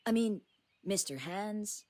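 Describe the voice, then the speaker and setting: A woman's voice: medium pitch, expressive, slow pace, mellow. A woman voicing a polite, earnest young boy camper in a game. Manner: polite and plain.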